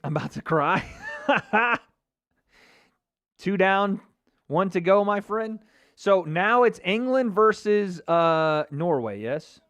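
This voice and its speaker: Excitable American man, high and clear. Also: takes it slowly, long pauses. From United States. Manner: excitable, swearing, bursts into shouts. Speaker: YouTube host. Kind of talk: live match reaction commentary.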